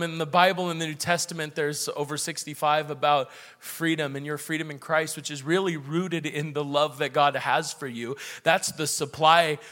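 A man's voice: fairly high pitch, fairly even intonation, normal speed, bright, forceful tone. A young man preaching a sermon and leading prayer in an earnest, conversational way.

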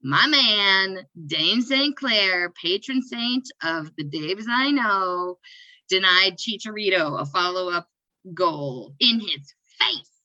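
A woman's voice: medium pitch, lively intonation, takes it slowly, sharp tone, no room sound, lo-fi sound. A woman co-hosting a casual sports podcast, playful and jokey, laughing at her own quips. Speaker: podcast co-host.

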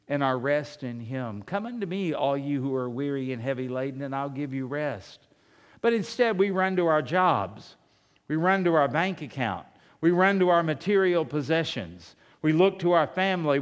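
A male pastor preaching a sermon, firing off rhetorical questions and swinging between soft asides and loud emphasis. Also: fairly high pitch, big-room sound.

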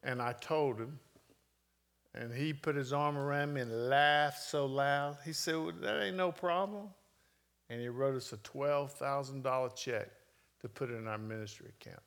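A man's voice: mid-range voice, fairly even intonation, moderate pace, a bit bright. A middle-aged man preaching a sermon, telling a personal story with emotion and earnest emphasis. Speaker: pastor.

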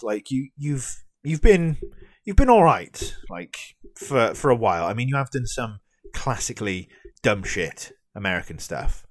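A man's voice: fairly low pitch, dry recording, studio quality. A young British man ranting casually into the camera, swearing a lot, sarcastic and full of fillers and restarts. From Britain. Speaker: vlogger. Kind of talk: ranting vlog.

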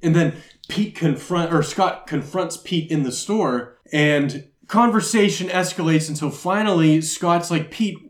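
A man's voice: on the high side, unhurried. A man casually recapping a movie plot, rambling and amused, with many fillers. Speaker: podcast co-host. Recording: roomy echo.

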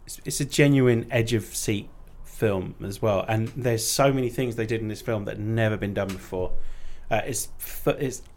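A man co-hosting a podcast, chatting eagerly about a film and tripping over his words when excited. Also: lowish voice, moderate pace, few pauses. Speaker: podcast co-host. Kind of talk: casual chat.

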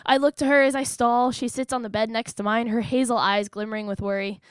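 A woman's voice: on the high side, fairly even intonation, fairly quick, clear, resonant tone, no room sound, clean studio sound. Wry young American woman telling her story. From United States. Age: young adult. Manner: wry, emphatic storytelling with sudden rises. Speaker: narrator. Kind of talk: first-person personal essay reading.

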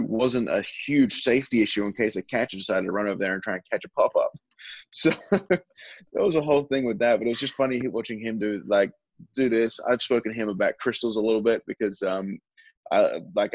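A man's voice: lowish voice, no room sound, lo-fi sound. A young Australian man chatting as a guest in an interview, rambling with lots of fillers and restarts. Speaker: baseball relief pitcher, guest. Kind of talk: casual interview chat.

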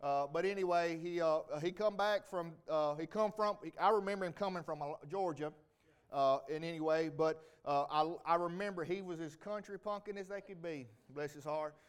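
A man's voice: on the high side, moderate pace, clean tone. A middle-aged man giving a rambling, folksy homecoming testimony to a church congregation. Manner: folksy, rambling, with many restarts. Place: church sanctuary.

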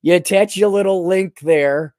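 A man's voice: sits high, moderate pace, darkish tone, no echo, clean studio sound, pitched above the performer's own voice, natural voice. A man voicing his own scornful inner critic, sneering and scolding. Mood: mocking.

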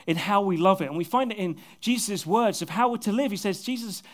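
A male pastor preaching an earnest sermon to his congregation, often dropping to soft, intimate tones, with a touch of self-deprecating humor. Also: high voice, fairly quick. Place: church service with a congregation.

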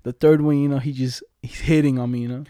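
Mellow, laid-back young man telling stories. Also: medium pitch, steady tone, quick pace, clean tone. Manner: laid-back slangy storytelling, frequent laughter. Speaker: podcast co-host. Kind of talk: casual storytelling chat.

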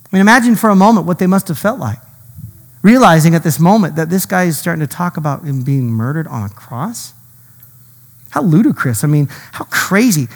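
High-voiced preacher in an echoing hall. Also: male voice. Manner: dramatic, swings between loud and hushed. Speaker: pastor. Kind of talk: sermon.

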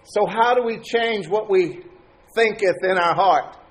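A man's voice: high voice, measured pace. A man preaching a sermon as pastor, talking to his congregation in a conversational way and asking them questions.

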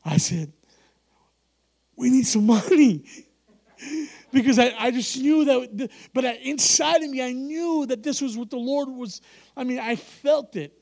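A man's voice: very high voice, normal speed, gravelly. A man preaching a sermon, telling a story with acted-out dialogue and frequent laughter. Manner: animated, acts out dialogue, laughs often.

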